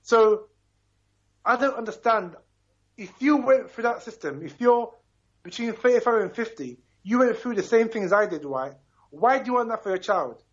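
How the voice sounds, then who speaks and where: A man in his fifties from Ghana phones into a talk show, making his points with emphatic passion and a fairly high voice. He keeps checking in with his listener as he talks. The sound is muffled and narrow, as if coming over a telephone line. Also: lively intonation, normal speed. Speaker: caller. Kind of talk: call-in radio talk.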